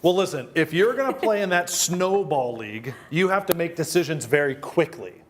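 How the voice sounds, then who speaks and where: Lively jokey man hosting a weather show. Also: a little high, normal speed. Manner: jokey, punning, playful. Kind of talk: casual studio chat. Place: TV studio.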